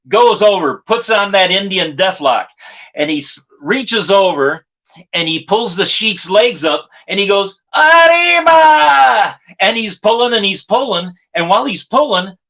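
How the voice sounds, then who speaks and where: A man, a former wrestling manager, telling a lively backstage story in an interview and often saying "you know". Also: high-pitched, low-quality recording.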